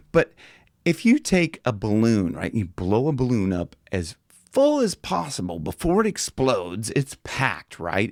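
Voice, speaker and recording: Laid-back male vocal coach, slow talker. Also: darkish tone, dry recording, studio quality. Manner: loose and chatty, slips into high demo voices. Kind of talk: casual singing lesson.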